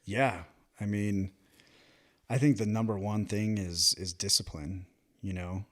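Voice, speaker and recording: A man in his thirties tells stories on a podcast in a loose, chatty way. His voice sits fairly low, and he plays out every quoted line with plenty of energy. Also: unhurried. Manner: animated, acts out quoted dialogue, laughs often. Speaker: podcast guest, military veteran. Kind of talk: casual storytelling chat.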